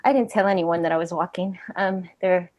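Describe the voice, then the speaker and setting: A woman on a video call with a retreat group, sharing a personal story and a question, animated and laughing at times, then dropping to a hush. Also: on the low side, brisk. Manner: animated storytelling with laughter and sudden hushed moments.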